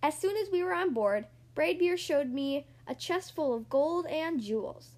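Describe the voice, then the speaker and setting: A woman reads a children's picture book aloud. Her voice sits high and moves a lot, with an expressive, storytelling lilt. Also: unhurried, hardly any pauses. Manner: lively, expressive reading. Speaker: storybook reader. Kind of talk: storybook read-aloud narration.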